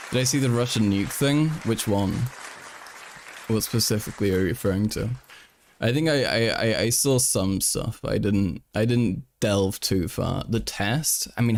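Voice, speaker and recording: A young man hosting a live stream in casual chat, rambling, swearing, and restarting his sentences while reading headlines aloud. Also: on the low side. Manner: rambling, profane, frequent restarts. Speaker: livestream host.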